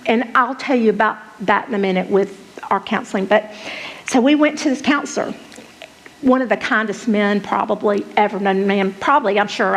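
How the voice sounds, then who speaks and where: Candid woman, higher voice. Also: creaky, rough recording. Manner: candid, emotional, blunt. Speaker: conference speaker. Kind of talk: personal testimony talk.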